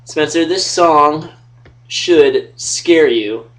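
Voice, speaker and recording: A man's voice: fairly high pitch, very slow. A young man running a fantasy football league, talking loosely into a webcam at home, joking and swearing. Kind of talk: casual webcam trash talk and storytelling. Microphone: webcam mic. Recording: distant from the webcam mic.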